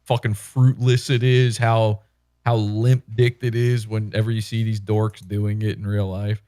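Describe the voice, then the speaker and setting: A man's voice: lowish voice, unhurried. A man hosting a podcast, rambling in casual, profane chat and acting out quoted lines. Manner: rambling, animated, acts out quotes. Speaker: podcast host.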